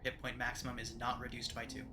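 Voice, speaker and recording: A man serving as game master, narrating a frozen tabletop adventure in a measured, descriptive way. His voice is bright and forward, with a faint hiss of noise underneath. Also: medium pitch, monotone.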